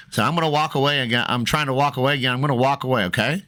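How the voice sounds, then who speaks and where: A man vlogger telling a story in a rambling, chatty way, full of fillers, shifting between low asides and raised, animated bursts. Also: very fast. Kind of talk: storytelling vlog.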